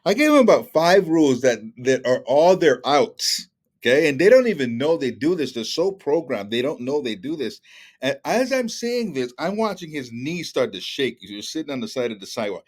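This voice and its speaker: A middle-aged man speaking as a guest tells stories casually; his pitch is fairly high and his pace moderate. He's animated, taking on shifting voices to act out what others said.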